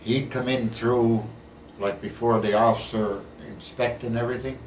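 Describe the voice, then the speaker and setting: A man's voice: medium pitch, fairly even intonation, normal speed, darkish tone. An older man, a war veteran, telling his stories in a plain, folksy way, often ending sentences with "eh". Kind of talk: casual storytelling interview. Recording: echoey room, recorded from a distance, faint background hiss.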